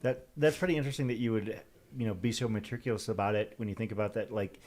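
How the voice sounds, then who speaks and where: Laid-back low-voiced male event host. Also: fast talker, a little mellow. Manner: easygoing, hesitant with "uh" fillers. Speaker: livestream host and finish-line announcer. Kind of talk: live event commentary and interview.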